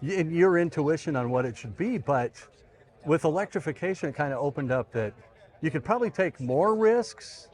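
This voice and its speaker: A man being interviewed as a car design director, speaking casually, haltingly repeating words, with joking asides. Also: a little high, animated, a little mellow.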